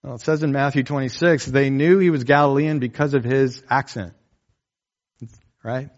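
A pastor preaching a sermon in a conversational way, often asking "right?" and acting out quotes. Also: male voice, mid-range voice, fairly even intonation, moderate pace, lo-fi sound.

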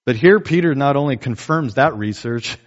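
A man preaching to a congregation in an easy, conversational manner. He keeps checking in with "right?" and sometimes acts out the people he quotes. The recording sounds a bit dull and lo-fi, and his pitch sits in an ordinary middle range. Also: animated, normal speed. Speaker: pastor. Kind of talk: sermon.

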